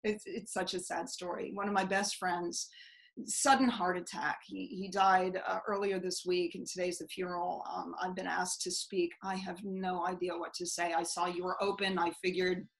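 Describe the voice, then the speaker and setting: A woman quoting a grieving, well-dressed man in his sixties as she tells a story, speaking quietly and haltingly. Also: fairly low pitch, flat delivery, close to an everyday voice, poor audio. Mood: sad.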